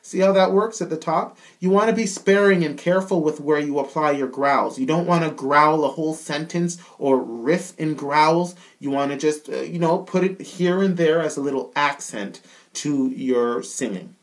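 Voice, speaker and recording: A man's voice: a little high, moderate pace. A man with a Canadian accent giving a casual singing lesson as a vocal coach, often checking in with the listener. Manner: casual, keeps checking in with "all right?".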